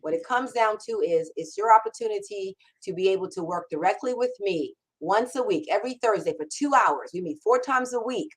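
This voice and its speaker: A middle-aged woman hosting a live-streamed Q&A, energetic and enthusiastic, repeating words for emphasis. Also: mid-range voice, a little fast, few pauses, husky, poor audio. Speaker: host. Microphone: camera mic on a livestream.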